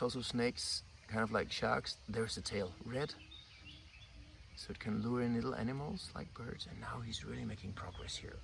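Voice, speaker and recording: Man, gravelly, hushed commentary, thinking aloud, outdoors, insect and bird noise behind. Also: medium pitch. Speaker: breathing coach filming wildlife. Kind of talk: unscripted nature commentary while filming. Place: outdoors on a morning walk near a temple. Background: insects and birds.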